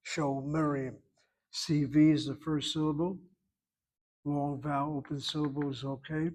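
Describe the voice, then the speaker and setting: A man's voice: on the high side, little pitch movement, normal speed, a little mellow. A man teaching a Hebrew grammar lesson, patiently explaining verb forms and careful pronunciation.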